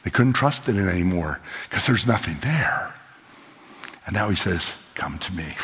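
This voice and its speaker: A man preaching a sermon as pastor, animated and conversational, leaning into quoted lines. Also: fairly low pitch, normal speed, slightly rough. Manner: animated, acts out voices of biblical figures in quotes. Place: church sanctuary. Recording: long hall reverb.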